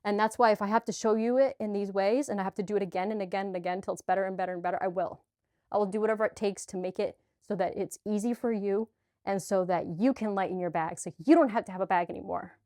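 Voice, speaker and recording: This spiritual vlogger's mid-range voice is a little mellow, with fairly even intonation and a quick pace. Earnest and gushing, she addresses viewers directly in a heartfelt vlog, sweaty and a touch choked up, with filler and restarts. It's a clean studio recording, free of echo.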